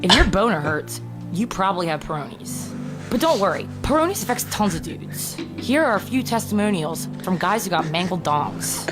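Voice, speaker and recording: A woman's voice: mid-range voice, big pitch swings, normal speed, natural voice. A woman with a Philadelphia accent playing a brash announcer in a comedy parody ad. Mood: brash selling. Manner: brash, hard-selling. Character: brassy South Philly woman ad announcer. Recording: played back with music behind.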